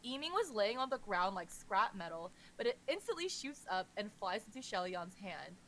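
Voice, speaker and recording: Podcast co-host, woman, mid pitch, casual chatty recap, faint background noise. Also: very animated, moderate pace, a bit bright. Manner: chatty narration with reactions.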